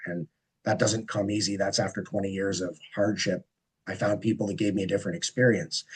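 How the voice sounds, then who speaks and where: A man moderating a discussion panel, his voice low-pitched and husky. He introduces each guest earnestly and personally, often ending a thought with a questioning "eh?". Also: poor audio. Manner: warm, earnest, personal introductions with frequent "eh?" tags.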